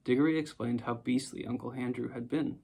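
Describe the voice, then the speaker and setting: A man reads a storybook aloud in a calm, measured way. His voice has a noticeably gravelly grain. His pitch sits in the ordinary middle range for a man. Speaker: audiobook narrator. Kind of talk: storybook narration.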